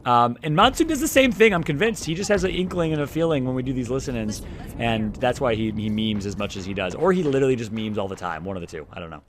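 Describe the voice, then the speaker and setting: A man's voice: lowish voice, lively intonation, fast, darkish tone, slight background noise. A man with a Midwestern American accent doing chatty, joking color commentary on an esports match. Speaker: esports analyst and co-caster.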